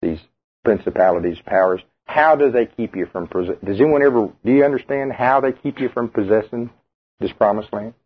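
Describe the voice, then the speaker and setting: A man's voice: fairly low pitch, fairly quick, slightly rough. A man preaching a sermon, talking conversationally and putting questions to the congregation. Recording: tinny radio broadcast.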